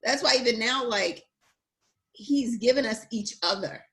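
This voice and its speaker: Earnest high-voiced woman host. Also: unhurried, a bit bright. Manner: earnest, emphatic, exhorting. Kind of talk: casual faith conversation.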